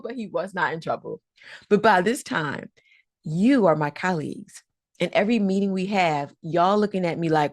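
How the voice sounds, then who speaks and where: A woman educator tells a story to her colleagues. She acts out the lines people said with big leaps in pitch. A gravelly edge comes through at the bottom of her voice. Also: a little fast. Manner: animated storytelling, acting out quotes in a raised voice. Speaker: educator and trainer. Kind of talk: storytelling talk to fellow educators.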